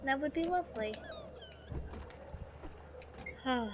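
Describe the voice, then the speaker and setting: A woman streaming a video game live, chatting casually in a soft, emotional way with many fillers. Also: high voice, lively intonation, fast, lo-fi sound, background noise. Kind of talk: casual live gameplay commentary.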